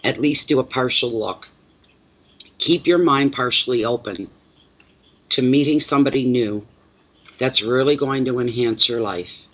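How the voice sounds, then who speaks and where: A man's voice: medium pitch, unhurried, pauses often, fairly bright tone, highs cut off. A Canadian man giving a chatty live-streamed tarot reading, plainspoken and repeating words for emphasis while he answers chat comments. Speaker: tarot reader.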